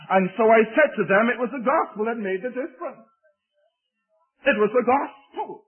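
Older preacher with a husky, tinny sound. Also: male voice, very high voice, lively intonation, normal speed. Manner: earnest, repeats key phrases, frequent hesitations. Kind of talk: sermon. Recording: tinny phone-like recording.

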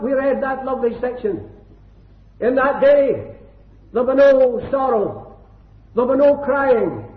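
High-pitched older man preaching fervently. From Scotland. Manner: fervent, rhythmic repetition of phrases. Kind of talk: gospel hall sermon. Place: gospel hall. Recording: echoey hall over a tinny lo-fi line.

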